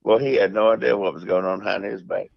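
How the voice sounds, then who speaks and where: A man's voice: fairly low pitch, fast, gravelly, dry recording, dull audio. A man, a golf podcast guest, chiming in on a shared story with chuckles. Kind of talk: casual storytelling.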